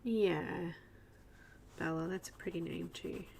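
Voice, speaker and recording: An Australian woman hosting a live coloring stream, chatting softly as she works and reading viewers' comments aloud. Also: fairly low pitch, fairly even intonation, slow pace, gravelly, slightly rough. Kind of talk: casual live-stream chat while coloring.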